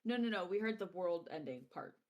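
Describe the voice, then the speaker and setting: A woman playing a calm young woman in a tabletop game, steadily reassuring a scared friend. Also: lowish voice, a little fast, dull audio, close to an everyday voice. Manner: plain, steady, with filler words.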